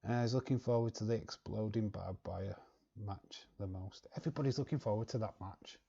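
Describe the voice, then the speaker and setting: A man's voice: fairly low pitch, gravelly, mellow, husky. A man with a London accent, casually chatting on his home live stream and greeting viewers in the chat, with frequent laughs and hummed fillers. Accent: London English. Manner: chatty, laughs often, fills pauses with humming. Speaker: wrestling live-stream host. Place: living room at home, lit by a video light. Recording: dull lo-fi stream audio.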